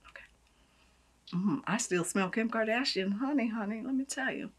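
A woman vlogging a casual unboxing, gushing and effusive, swinging between hushed asides and loud exclamations. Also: fairly high pitch, moderate pace. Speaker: beauty vlogger.

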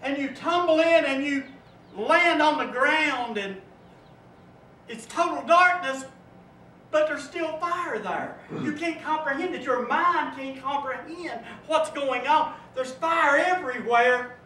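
A man preacher giving a sermon, telling a vivid story that swells and drops to a hush. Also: very high voice, slow pace. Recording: echoey room, from far off, faint noise.

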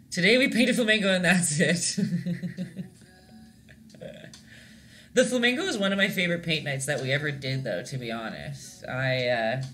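A woman's voice: lowish voice, fairly bright tone, slight background noise. A young Canadian woman teaching a casual live-stream painting lesson, chatty and giggly, rambling with lots of fillers. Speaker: painting instructor.

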